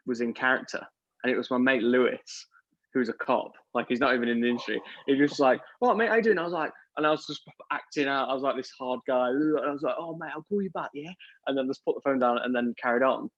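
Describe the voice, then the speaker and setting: A young male actor chatting casually on a live stream, animated and telling a story while acting out the voices in it. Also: mid-range voice, fast talker, no room sound. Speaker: lead actor. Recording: dull lo-fi stream audio.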